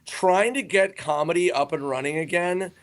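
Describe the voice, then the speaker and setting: A man's voice: high-pitched, moderate pace. A man, a comedian and podcast guest, telling loose, rambling anecdotes in casual chat and cutting himself off mid-sentence. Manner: rambling, self-interrupting anecdotes.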